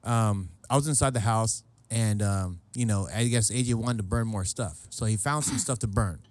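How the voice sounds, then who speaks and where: A man in his late thirties hosting a podcast, telling stories in a loose, animated way, swearing, laughing and acting out what people said. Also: fairly low pitch, normal speed, no echo. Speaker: podcast host. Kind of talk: casual storytelling chat. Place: southern California.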